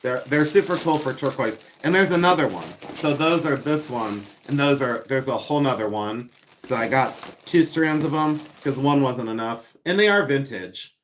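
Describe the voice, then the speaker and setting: A man's voice: mid-range voice, normal speed, few pauses, slight background noise. Chatty, giggly man hosting a live stream. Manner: chatty and giggly, reading viewer comments aloud; playful, repeats words for fun. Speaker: live-stream seller and host. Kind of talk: casual live-stream chat while unboxing.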